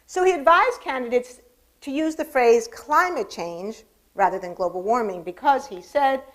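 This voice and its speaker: A woman lecturing to an audience, her voice sitting a little high for a woman. She makes dry, wry asides and leans hard on the words that matter. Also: lively intonation, normal speed. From United States. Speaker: speaker giving a public lecture. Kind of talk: public lecture.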